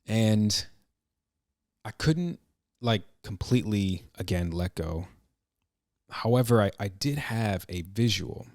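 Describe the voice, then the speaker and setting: A man hosting a podcast, telling a personal story in an earnest, reflective way, halting and restarting his sentences. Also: on the low side, expressive, a little mellow, no echo. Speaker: podcast host.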